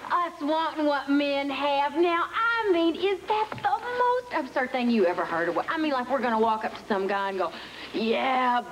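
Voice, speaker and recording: Mocking, high-voiced woman. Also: normal speed, faint music behind, rough recording. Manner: mocking, animated ranting. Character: animated, mocking Southern woman designer.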